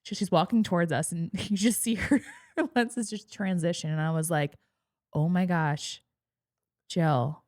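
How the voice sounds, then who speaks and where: A woman's voice: on the low side, moderate pace, a little mellow, no room sound, clean studio sound. A woman in her thirties co-hosting a podcast, chatting casually and giggling often as she rambles. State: pregnant. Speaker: podcast co-host. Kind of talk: casual chat.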